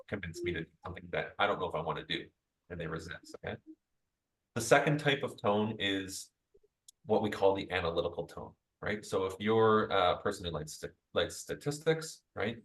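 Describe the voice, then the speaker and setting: Male sales trainer, slightly low voice, chatty coaching delivery, keeps checking in with "right?". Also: a bit bright, poor audio. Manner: chatty, tags most points with "right?"; upbeat coaching tone, addresses group directly. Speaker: real estate sales trainer. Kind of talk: conversational training presentation.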